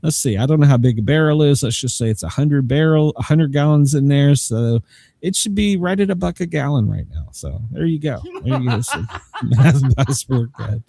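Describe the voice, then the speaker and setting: A man hosting a casual podcast, telling stories in a rambling, self-mocking way and laughing at his own jokes. His pitch swings widely as he talks. The sound is close and dry. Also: animated, moderate pace, gravelly, warm tone, slightly rough, no echo. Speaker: podcast host. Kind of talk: casual chat.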